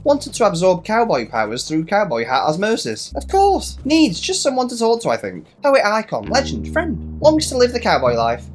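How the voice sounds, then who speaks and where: A let's play host, a woman, playfully narrates a video game, swearing freely and voicing the characters' lines aloud. Her mid-range voice swings hugely in pitch at a moderate pace with hardly any pauses, over slight background noise.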